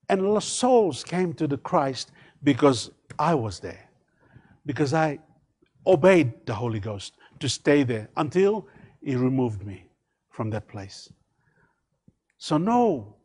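A man preaching a sermon, reading scripture and calling out hallelujahs between points. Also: on the high side.

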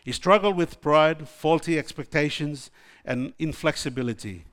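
A man preaching a sermon, reading scripture aloud with frequent restarts and stumbles. His voice sits a little high for a man, and he breaks into exclamations between verses. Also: moderate pace, fairly bright tone.

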